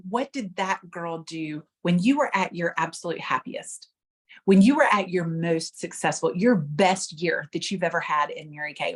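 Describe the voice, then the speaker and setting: Lady giving an earnest pep talk to her sales team, chatty, calls everyone you guys. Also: on the low side. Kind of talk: casual motivational talk.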